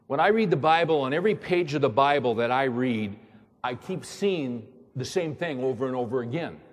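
A pastor with a mid-range, animated voice preaches a sermon at normal speed, emphatic and repetitive, pressing his listeners with rhetorical questions. A large hall gives it a long reverb.

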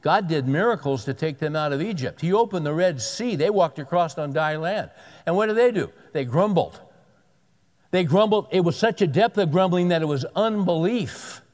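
A man's voice: a little high, lively intonation, fairly quick. Man preaching in a reverberant hall. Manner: conversational preaching with emphatic repetitions. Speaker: pastor. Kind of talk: sermon.

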